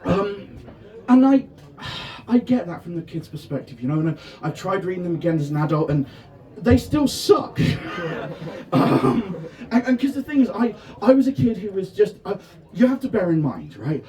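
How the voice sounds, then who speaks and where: High-voiced man doing stand-up in a tent. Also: sing-song, normal speed, recorded from a distance. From England (Devon). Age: 30s. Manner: self-deprecating, bursts into shouted punchlines. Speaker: stand-up comedian. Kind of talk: stand-up comedy set. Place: festival tent with a live audience.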